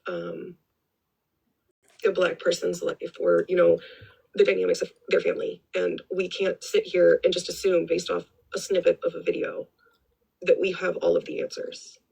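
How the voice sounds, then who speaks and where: A woman's voice: lowish voice, completely flat delivery, normal speed, creaky, mellow, breathy edge, rough recording. A woman giving blunt, rambling commentary on a live stream, swearing freely and repeating herself. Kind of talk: casual opinionated commentary.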